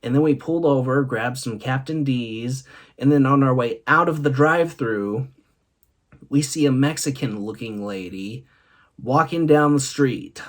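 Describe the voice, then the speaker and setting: A man's voice: mid-range voice, unhurried. A man hosting a vlog, telling comic stories and laughing often between punchlines. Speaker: host. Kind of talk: comic storytelling monologue.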